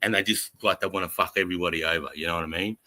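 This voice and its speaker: A man's voice: deep voice, racing, poor audio. Brash Australian man telling war stories. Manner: profane, animated storytelling with acted-out voices. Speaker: podcast host. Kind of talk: casual storytelling.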